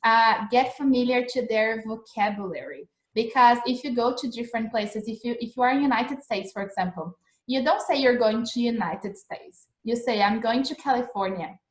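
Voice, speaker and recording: A woman's voice: on the high side, normal speed. Chatty woman teaching in an echoey room. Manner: chatty, repeats phrases, frequent "like" and "right?". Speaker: English teacher. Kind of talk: casual live-streamed lesson. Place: home in Australia.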